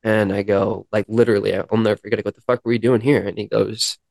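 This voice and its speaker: A man guest on a podcast, earnestly telling a personal story and acting out dialogue, with halting restarts. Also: fairly low pitch, flat delivery, vocal fry, darkish tone, dry recording. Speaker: podcast guest, musician in recovery. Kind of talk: personal storytelling in a sit-down interview.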